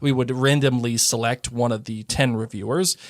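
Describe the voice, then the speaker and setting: A man's voice: medium pitch, fairly even intonation, moderate pace, no echo, clean studio sound. A man co-hosting a podcast in casual chat, enthusiastic and rambling with many restarts. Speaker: podcast co-host.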